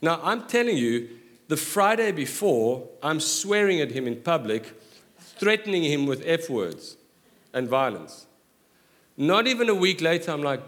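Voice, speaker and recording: A middle-aged male pastor preaching with a slightly higher voice than most men. He is animated and jokes with the congregation in quick asides, moving between earnest points and laughter. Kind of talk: sermon.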